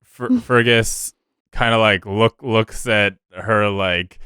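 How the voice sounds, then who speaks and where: A man plays a tabletop game and narrates his character, stopping and restarting as he goes. His voice is low and clear. The sound is close and dry. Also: level tone, bright, forceful tone, no echo. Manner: halting, many restarts and fillers. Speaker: player.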